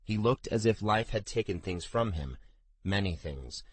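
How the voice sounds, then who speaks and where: A man with a very low voice reads a fantasy audiobook in a measured, steady way. The recording is dry and close, with no room sound. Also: breathy edge, no echo. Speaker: audiobook narrator. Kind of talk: scripted fantasy narration.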